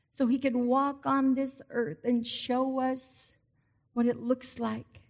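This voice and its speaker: Emotional woman preaching a sermon. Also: fairly high pitch. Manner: emotional, swings from loud exhortation to soft intimacy.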